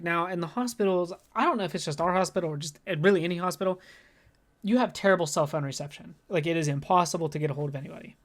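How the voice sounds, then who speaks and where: A man's voice: a little high, fast, fairly bright tone. Rambling, profane podcast storyteller man. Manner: rambling, profane, heavy use of "like"; anxious, worked-up retelling. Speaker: podcast co-host. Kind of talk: casual storytelling.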